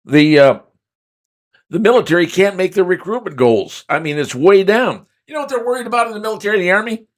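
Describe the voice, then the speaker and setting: A man's voice: a little high, fairly bright tone. A man in his seventies hosting a political talk show, giving emphatic, folksy commentary and talking straight to his listeners as "folks".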